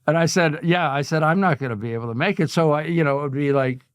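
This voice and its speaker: An older man tells stories as an interview guest, animated and quick to chuckle. His voice sits a little high for a man. The sound is close and dry. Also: smooth, no room sound. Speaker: guest artist. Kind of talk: casual storytelling interview.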